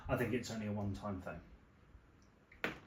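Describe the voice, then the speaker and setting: A man's voice: on the low side, measured pace. Guy at a tabletop game, checking rules, echoey room. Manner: careful, rules-focused, apologetic. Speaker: player. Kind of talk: casual tabletop play. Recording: echoey room, faint noise.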